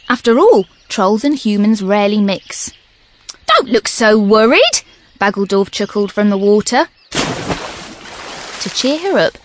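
A woman narrating a children's audiobook in a lively, expressive way. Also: medium pitch.

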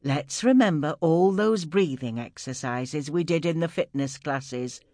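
A narrator voicing a gentle, patient nun who works as a midwife, talking softly and soothingly to a patient in an audiobook. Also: female voice, low-pitched, a little slow, dry recording, clean studio sound. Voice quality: soft, soothing.

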